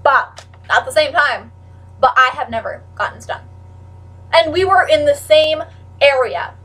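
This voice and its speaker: A teenage girl chatting casually to camera in a rambling way, full of "like" and with sudden loud outbursts. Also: high voice, expressive, unhurried, recorded from a distance, low-quality recording. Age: teens. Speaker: vlogger.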